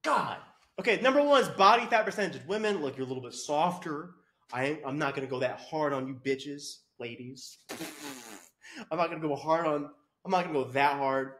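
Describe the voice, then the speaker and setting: A man's voice: fairly high pitch, fairly quick, a bit bright. A man ranting crudely to camera as a fitness coach, swearing and mocking his viewers. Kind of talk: profane comedic rant to camera.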